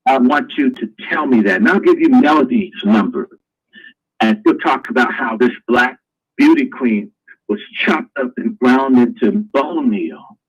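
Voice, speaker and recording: A man's voice: mid-range voice, animated, unhurried, breathy edge, highs cut off. A man hosting a live online talk show, ranting in a crude, preachy way. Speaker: host.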